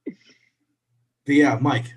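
A man's voice: mid-range voice, steady tone, drawn-out words, crowd noise. A man co-hosting a podcast in a casual, upbeat, chatty way. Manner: chatty, upbeat, drifts into laughs. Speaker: podcast co-host. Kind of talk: casual chat.

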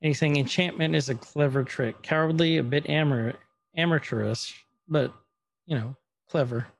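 A man's voice: a little high, moderate pace, creaky. A man casually recapping a TV episode on a podcast, retelling scenes and quoting the characters as he goes. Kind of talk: casual chat.

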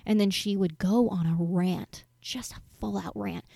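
A woman in her late twenties tells a long personal story to her viewers in a loose, rambling way. Her voice is gravelly and mellow, and she drops into soft whispers now and then. The sound is close and dry. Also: on the low side, steady tone, quick pace, few pauses, dry recording. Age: 20s. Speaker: vlogger answering viewer questions. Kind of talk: casual storytelling monologue.

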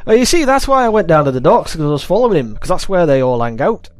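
A man's voice: fairly high pitch, big pitch swings, fast talker, dry recording, soft background music. A man playing a detective's partner in a comedic tabletop game, attempting a Scottish accent. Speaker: player. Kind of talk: comedic tabletop role-play.

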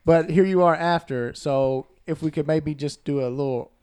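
A man co-hosting a podcast and interviewing a guest, speaking haltingly with fillers and frequent laughs. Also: a little high, darkish tone, clean tone.

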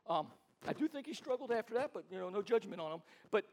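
A pastor with a high, light male voice preaching in a relaxed, conversational way. He tells stories and acts out other people's lines, stumbling and repeating words as he goes. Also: fast talker, slight background noise. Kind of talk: casual sermon storytelling.

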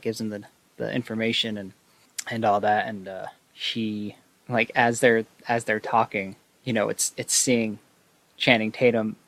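Brief: low, gravelly-voiced man, casual rambling film recap with lots of fillers. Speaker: video host.

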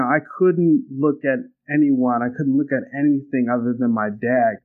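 A man's voice: mid-range voice, narrow, tinny audio. A young man telling a personal story in casual conversation, reflective and earnest, often restarting his sentences. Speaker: guest.

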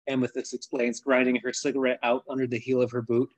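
A man author reading his novel aloud in plain, even first-person narration over a video call. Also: mid-range voice, fairly quick, hardly any pauses, dry recording, low-quality recording.

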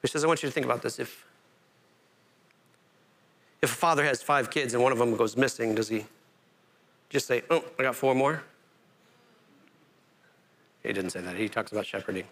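A man preaching a sermon as pastor, animated and self-interrupting, climbing to emphatic peaks. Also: mid-range voice, moderate pace, pauses often.

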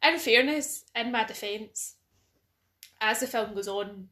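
Chatty Scottish woman, high voice. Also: measured pace, sharp tone. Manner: chatty, laughs often, swears. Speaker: podcast co-host. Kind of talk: casual chat.

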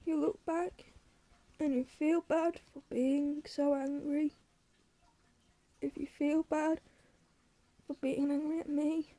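A woman reading the part of a gravely ill mother who speaks softly and tenderly, sometimes through tears. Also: sits high, flat delivery, normal speed, no echo. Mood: tearful. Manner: soft, tender, pleading. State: crying in places.

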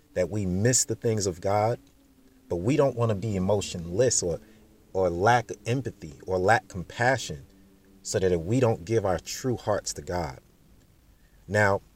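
A man's voice: on the low side, darkish tone. Fervent man preaching on a podcast. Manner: fervent, preacherly, repeats phrases for emphasis. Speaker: podcast host.

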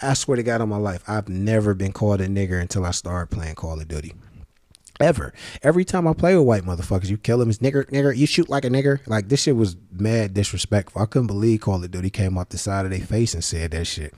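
A man giving a profane, sarcastic ranting commentary, often jumping into high-pitched outraged questions. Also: animated, quick pace, a little mellow, dry recording, clean studio sound. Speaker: vlogger.

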